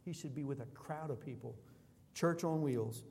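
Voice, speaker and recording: A man's voice: mid-range voice, normal speed, a little mellow. A man preaching a sermon as a pastor, emphatic and declamatory, building through rhythmic repetitions. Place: church sanctuary. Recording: long reverb of a large hall.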